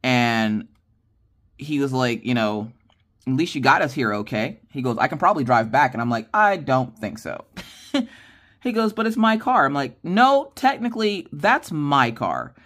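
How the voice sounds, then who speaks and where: A woman hosting a casual craft-channel chat, telling a long personal story and acting out the dialogue with lively shifts in her voice. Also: extremely low pitch, a little slow. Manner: animated, acts out quoted dialogue with lively voice shifts; chatty, with many fillers and restarts.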